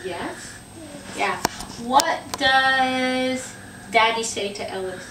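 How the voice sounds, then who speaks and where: A woman's voice: sits high, drawn-out words, fairly bright tone, a little hiss or hum. A young woman, a parent, patiently quizzing her small child on animal sounds in a home video, in a sing-song questioning way. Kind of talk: home video, coaxing a toddler. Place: home living room. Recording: roomy home camcorder sound from a distance.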